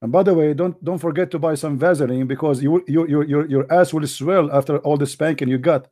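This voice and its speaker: A man hosting a heated call-in debate, mocking and combative, his voice going hoarse. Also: on the high side, brisk, mellow. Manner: mocking, combative, repeats himself. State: losing his voice. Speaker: debate show host.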